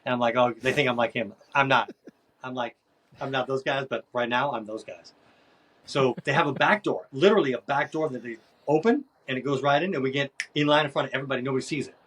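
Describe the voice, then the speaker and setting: Husky man telling an animated story. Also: mid-range voice, quick pace. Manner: animated, acts out voices in his stories. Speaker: podcast guest. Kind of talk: casual storytelling.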